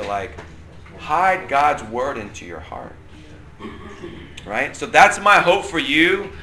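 Bright-voiced man teaching a Bible class. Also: on the high side. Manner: chatty, checks in with the class often. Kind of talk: casual Bible lesson. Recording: roomy echo, faint room noise.

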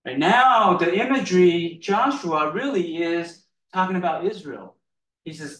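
In a large, reverberant room with the mic placed far off, a man preaches in a slow, easygoing, chatty style, often laughing and asking "right?" His voice sits a bit high.

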